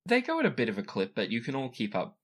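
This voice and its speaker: A man running a tabletop game as game master, narrating scenes and jumping into character voices. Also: fast talker. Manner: lively, animated narration that jumps up in pitch for characters.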